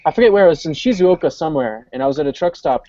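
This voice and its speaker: A man's voice: a little high, lively intonation, very fast, warm tone, no room sound. A man casually telling a rambling story full of fillers in a group chat. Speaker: panel member. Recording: dull lo-fi online call audio.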